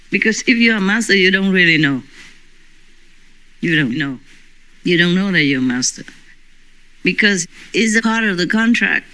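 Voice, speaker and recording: A woman's voice: fairly low pitch, pushed and bright, rough recording. A woman spiritual teacher talking informally to her disciples, chatty and often breaking into laughter.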